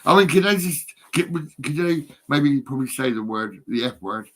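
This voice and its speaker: A man's voice: medium pitch, expressive, normal speed, a bit bright. Sweary, giggly man in his fifties. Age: 50s. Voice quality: sweary, giggly, rambling, often laughing. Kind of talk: rambling phone vlog monologue. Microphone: phone.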